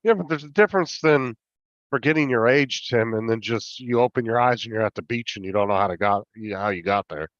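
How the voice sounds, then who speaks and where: A man's voice: medium pitch, a little fast, fairly bright tone, dry recording, highs cut off. A man co-hosting a livestream who chats and tells stories in a casual way. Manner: chatty storyteller. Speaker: livestream co-host. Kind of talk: casual chat.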